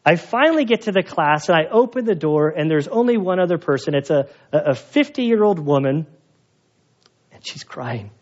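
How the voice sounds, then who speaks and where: A middle-aged male pastor preaching a conversational sermon, telling personal stories in an animated, self-mocking way. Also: on the high side, normal speed. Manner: animated, chatty storytelling with self-mocking humor. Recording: dull lo-fi sound.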